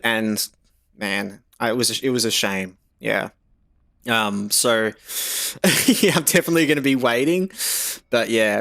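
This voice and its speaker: An Australian man talks to his stream chat in an easygoing, meandering way. His pitch sits in the middle of the range, and he fills his thoughts with casual "you know"s. It sounds like a laid-back live gaming session with viewers. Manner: relaxed and rambling, reads chat aloud, many "you know"s. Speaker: game streamer.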